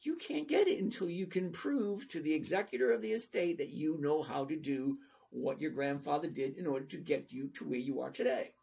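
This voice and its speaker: Man, 60s, gravelly, husky, fairly high voice, blunt, rambling stream host. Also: expressive, a little fast, dark tone. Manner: blunt, rambling, reads chat aloud. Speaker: trading channel host. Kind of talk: casual livestream talk.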